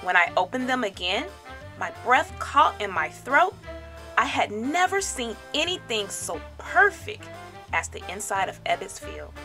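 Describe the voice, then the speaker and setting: A woman teacher reading a children's storybook aloud with expressive, animated storytelling. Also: a little high, unhurried, faint music behind.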